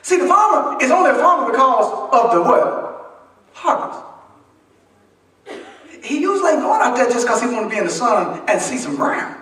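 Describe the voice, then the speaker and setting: A man preaches a sermon in a church sanctuary, his very high, very animated voice sounding pushed and bright at a moderate pace with long pauses. His folksy, humorous, conversational call-and-response style often has the congregation finishing his lines. The echoey church is picked up by a distant mic.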